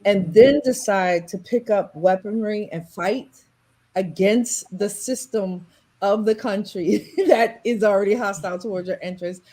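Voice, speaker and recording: An American woman from the United States who works in leadership development speaks on a video call in a mellow, medium-pitched voice, a little slowly. In a casual online panel chat, she's thoughtful and emphatic, repeating points for stress.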